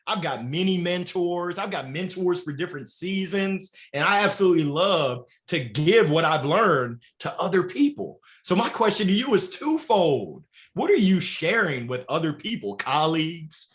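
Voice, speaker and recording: An animated man with a bright, forceful voice, speaking fairly high in his range. He gives a motivational talk as a guest on a live show, loose and profane, with quick laughs. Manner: energetic, swearing, laughing, animated.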